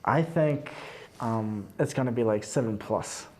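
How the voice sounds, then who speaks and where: A man's voice: mid-range voice, measured pace, a little mellow. A young man hosting a casual student sports talk show, rambling with lots of fillers and restarts. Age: young adult. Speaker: host.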